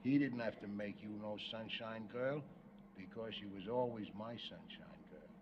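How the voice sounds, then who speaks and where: An actor playing a blustering, wisecracking middle-aged working-class husband in a 1970s sitcom, gruff and ungrammatical. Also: male voice, lowish voice, normal speed, dull audio, lightly acted. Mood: tender, wry. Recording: noisy sitcom audio with laugh track.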